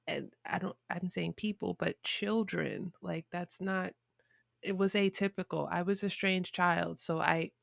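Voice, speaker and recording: Gravelly-voiced woman telling a story. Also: on the low side, steady tone, unhurried, dry recording, clean studio sound. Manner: reflective, frequent restarts and fillers. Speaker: podcast guest. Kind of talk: conversational storytelling.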